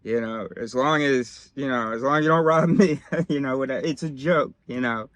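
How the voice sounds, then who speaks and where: A cheerfully presumptuous white man talks to a new acquaintance as if they were old friends, in a chummy, halting way full of ums and you knows. A man acts him out in a satirical skit, in a voice close to his own. The sound is dry and close, with a middle pitch. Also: fairly even intonation, a bit bright, dry recording.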